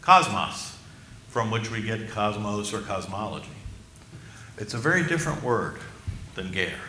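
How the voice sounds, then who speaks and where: A man preaching a sermon as pastor, emphatic and slowing down for key phrases while asking the congregation questions. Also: fairly low pitch, lively intonation, pushed and bright, echoey room, a little hiss or hum.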